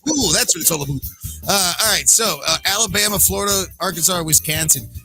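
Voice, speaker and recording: A high-voiced man hosts a live trivia quiz with a sing-song, joking delivery. His tone is sharp and forceful, with a gravelly edge. Light music plays behind him. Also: fairly quick, poor audio. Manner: upbeat, jokey, sing-song announcing. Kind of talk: live-streamed quiz hosting.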